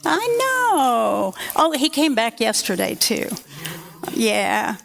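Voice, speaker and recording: A woman's voice: on the high side, wildly swooping pitch, slow pace, gravelly, fairly bright tone, slight background noise. A woman, reading a children's story aloud at church and chatting playfully with the kids.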